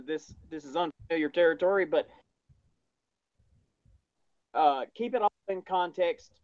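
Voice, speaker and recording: Slightly high man, dull lo-fi audio. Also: a little mellow, no echo. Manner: hesitant, many fillers. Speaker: podcast co-host. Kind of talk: casual sports talk.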